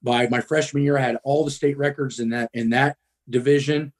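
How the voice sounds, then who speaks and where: A man's voice: medium pitch, fairly even intonation, brisk. Blunt, profane middle-aged man. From Midwest US. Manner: blunt, profane, frequent ums. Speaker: guest. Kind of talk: casual storytelling.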